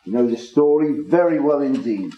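A man teaching from the Bible to a small congregation in a measured, explanatory way, stressing key words. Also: medium pitch, animated, muffled recording. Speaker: preacher. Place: room with a small gathering. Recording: echoey room.

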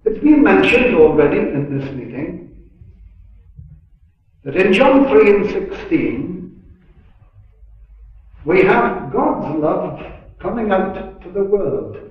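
A man preaches slowly and earnestly, his voice sitting a little high and rising and falling widely as he leans into key words. He is heard from some way off in a very echoey room, on a dull, lo-fi recording. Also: big pitch swings, distant mic. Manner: slow, earnest, swelling on key words, chatty "you know" asides. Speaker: preacher at a gospel meeting. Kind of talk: sermon.

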